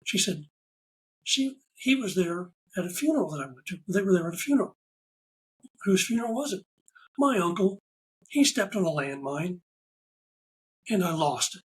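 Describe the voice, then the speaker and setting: A man talking as a podcast guest. He tells stories in a casual, animated way and acts out the lines of the people in them. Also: high-pitched, moderate pace, long pauses, a little hiss or hum, low-quality recording. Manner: animated anecdotal storyteller, acts out quoted dialogue. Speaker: podcast guest, ride photographer. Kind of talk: casual interview storytelling.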